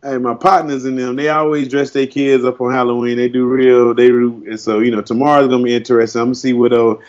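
A man's voice: mid-range voice, level tone, fast, a little mellow, highs cut off. A man, a podcast co-host, rambling in a casual chat with heavy slang and frequent laughs.

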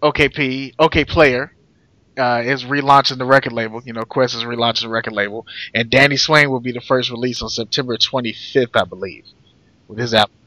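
A bright-toned man with a dry, close sound teases his co-host and swears freely. He is an American podcast co-host talking in loose banter. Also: mid-range voice, fairly even intonation, fairly quick, dry recording. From United States. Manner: teasing, profane. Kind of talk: casual banter.

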